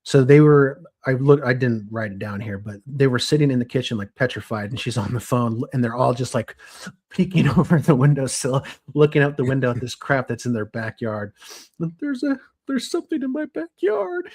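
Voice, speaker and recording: Young guy podcast cohost, reading off his notes all casual, lots of restarts, mid pitch voice. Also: fairly quick. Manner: animated, restarts and self-corrections. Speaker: podcast co-host.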